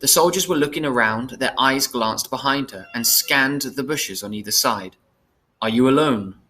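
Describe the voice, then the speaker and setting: A man's voice: mid-range voice, moderate pace. Man reading a storybook chapter aloud. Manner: plain, steady reading with small self-corrections. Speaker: reader.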